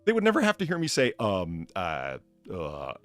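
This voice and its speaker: A man hosting a casual live stream, chatting with guests and thanking viewers in a rambling, animated way. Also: deep voice, moderate pace, faint music behind. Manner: rambling, animated, many restarts. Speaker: streamer host playing bartender.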